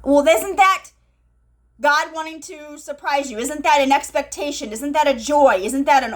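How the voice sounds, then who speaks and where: A woman talking live to her viewers about her spiritual experiences. She talks excitedly, repeats phrases and acts out the conversations she recounts. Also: sits high, moderate pace. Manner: excited, breathless, repeats herself, tells stories with quoted dialogue. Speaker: spiritual channel host.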